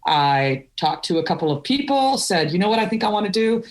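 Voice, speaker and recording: Animated storytelling middle-aged woman. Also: mid-range voice, fairly quick. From Wisconsin, US. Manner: animated, candid, laughs through stories. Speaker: podcast guest. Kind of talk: storytelling interview.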